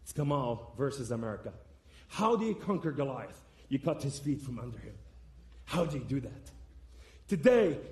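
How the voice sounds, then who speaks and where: A man giving preached testimony to a church, impassioned, swinging between loud and soft. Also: sits high. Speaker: guest speaker giving testimony. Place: church sanctuary. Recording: echoey room sound.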